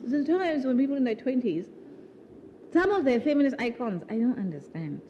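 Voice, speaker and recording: A woman's voice: high voice, animated, normal speed, dark tone, dull audio, slight background noise. A woman author speaking at her own book launch, chatting animatedly before a live audience, laughing often and restarting sentences with repeated words. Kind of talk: conversational talk at a live event. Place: live festival event with an audience.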